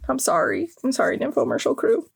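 Casting: young woman host, bright higher voice, lively and giggly, crude jokes. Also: brisk, creaky, breathy edge. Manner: animated, giggly, crude and sarcastic. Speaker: podcast host. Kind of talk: casual comedic recap.

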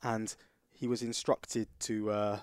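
A man's voice: on the low side, level tone, slow pace, a little mellow, clean tone, no echo, studio quality. A man co-hosting a podcast, talking casually and telling rambling stories full of restarts. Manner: rambling storyteller, restarts sentences. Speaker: podcast co-host.

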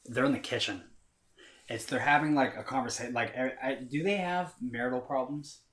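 A man's voice: mid-range voice, brisk, fairly bright tone, reverberant. A man casually chatting about movies, retelling scenes in a rambling way with lots of fillers and swearing.

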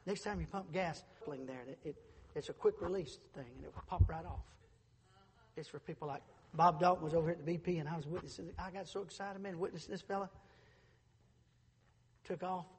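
A middle-aged male pastor preaching a sermon in a church, moving from quiet storytelling to shouted preaching. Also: a little high, a little fast, in a large hall, a little hiss or hum. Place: church sanctuary.

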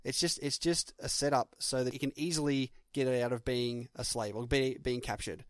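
An Australian man in his twenties or thirties chatting about movies with a friend. He is outspoken and critical, pushing his point again and again, at a medium pitch. His voice sounds close and dry, with no room echo. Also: steady tone, normal speed. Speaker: podcast co-host. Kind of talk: casual film discussion.

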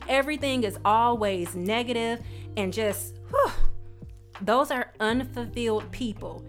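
A woman giving a sassy, emphatic motivational pep talk as a podcast host. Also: a little high. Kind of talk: motivational monologue.

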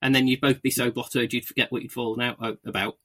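Male podcast host, bright and forceful voice, mid pitch, eager, stumbles and restarts a lot, casual chat. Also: level tone, fast talker. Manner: stammering restarts, enthusiastic.

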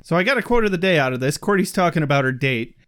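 A man's voice: fairly high pitch, lively intonation, rapid-fire, a bit bright, clean tone. A man co-hosting a podcast, casually recapping an episode with sardonic, swear-laced remarks. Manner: sardonic, swears casually, reads quotes aloud. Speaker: podcast co-host.

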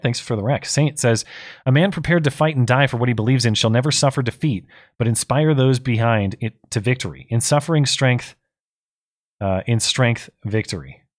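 A man co-hosts a casual talk show, his voice tired and going. He reads out viewer messages and comments on them, stumbling and restarting as he thinks aloud. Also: mid-range voice. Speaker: co-host.

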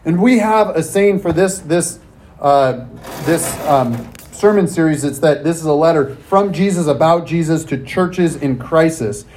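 A man preaching a casual, halting sermon as a pastor and reading scripture aloud. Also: fairly high pitch, a little mellow, a little hiss or hum.

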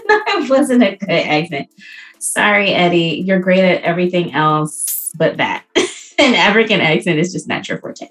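A woman co-hosting a casual podcast, joking and reacting quickly with playful asides. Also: lowish voice, sing-song, a bit bright, faint music behind. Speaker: podcast co-host. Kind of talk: casual chat.

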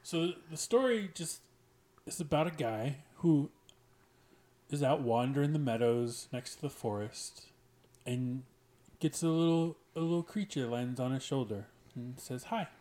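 A man on a podcast, retelling one of his stories in a casual, halting way. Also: mid-range voice, mellow. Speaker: podcast guest, writer. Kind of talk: casual chat, retelling a story.

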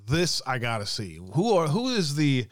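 The host of a political commentary show, a man with a fairly high, sing-song voice at normal speed, rants sarcastically online. He reads aloud from a website, adding muttered asides and casual swearing.

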